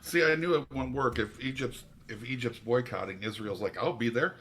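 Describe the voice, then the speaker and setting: A man's voice: medium pitch, normal speed, heavy background noise. A man who is a regular on a casual podcast, joking around as a quiz contestant.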